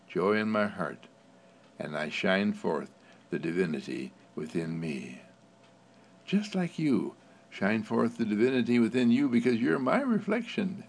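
A man giving an inspirational spiritual talk, with a gentle, repetitive, affirming cadence, often breaking into laughter. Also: lowish voice, gravelly. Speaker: spiritual speaker.

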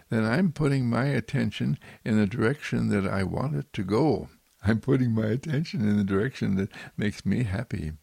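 A man giving a spiritual affirmation talk in slow, repetitive, gentle and fervent phrases. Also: medium pitch, vocal fry, breathy edge, no room sound.

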